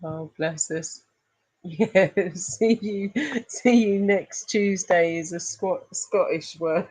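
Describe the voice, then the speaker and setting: A middle-aged woman chats with her live-stream viewers in an unhurried, low voice. She is affectionate and laughs often. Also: a little mellow, husky, poor audio. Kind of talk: casual live chat reading comments.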